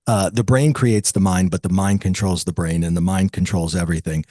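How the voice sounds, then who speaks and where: With a low voice and a fairly quick pace, a metaphysical teacher in his fifties tells an interviewer a personal story. He sounds reflective but grows lively when quoting others, and there is no echo.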